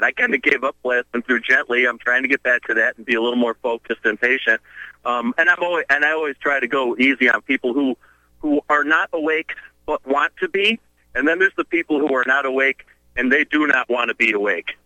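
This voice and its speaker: Talk radio host, male, tense bright delivery, rallying listeners to act. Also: medium pitch, no echo, poor audio. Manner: urgent, preachy activist rallying listeners. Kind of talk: casual call-in radio talk.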